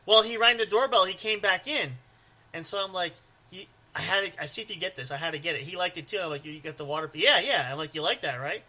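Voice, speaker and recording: A man's voice: a little high, quick pace, bright, forceful tone. A man co-hosting a casual podcast chat who laughs often and breaks into stammering movie impressions. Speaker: podcast co-host.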